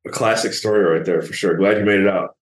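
A man's voice: on the low side, fairly even intonation, fast talker, echoey room. A man hosting a casual interview in a friendly manner, laughing easily. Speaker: podcast host.

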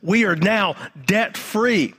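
A man voicing an overjoyed debtor who gushes to his wife about being freed from his debt. He speaks in a raised, excited voice. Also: high-pitched, slow pace, slightly rough, pitched above the performer's own voice, full character voice. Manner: gushing, excited.

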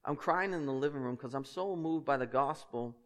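A man preaching a sermon as pastor, passionate and emphatic, with conversational asides to his congregation. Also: a little fast. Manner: passionate, emphatic preaching that climbs in pitch and volume. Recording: long hall reverb.

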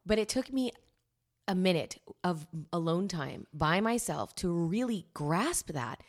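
A woman co-hosting a podcast, talking in a reflective, steady, supportive way. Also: fairly low pitch, measured pace. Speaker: podcast co-host. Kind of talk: candid podcast chat.

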